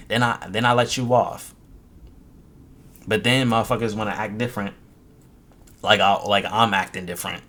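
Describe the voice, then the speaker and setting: Frustrated and swearing, a young streamer rants at the camera about his chat and imitates them mockingly. His voice is on the low side with a fairly bright tone.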